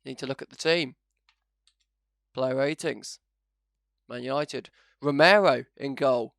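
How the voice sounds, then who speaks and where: A man with a gravelly, fry-touched voice talks through his video game as a channel host, chatty and self-mocking, then bursting into loud excitement. His sound is close and dry with no room around it. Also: medium pitch, slow pace, no echo. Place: home setup, no camera.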